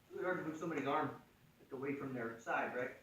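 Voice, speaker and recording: A man's voice: mid-range voice, very fast, fairly bright tone, a little hiss or hum. A man teaching a jiu-jitsu choke to a class in a gym, talking casually and joking, checking in with "right?" as he explains. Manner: joking, conversational, frequent "right?" check-ins. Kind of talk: casual technique instruction. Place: martial arts gym. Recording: echoey room, mic at a distance.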